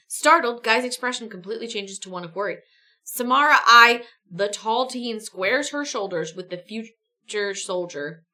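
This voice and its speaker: A woman's voice: on the high side, expressive, moderate pace, pushed and bright. A young woman streaming a choose-your-own-adventure reading, chatty, breaking off with laughing asides. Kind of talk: live-stream story reading.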